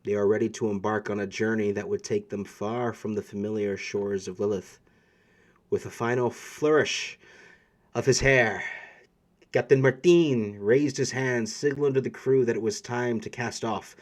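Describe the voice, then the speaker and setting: A man's voice: fairly low pitch, steady tone, moderate pace. A man narrating as game master for a tabletop role-playing game, reading prepared scene text and then improvising with frequent fillers.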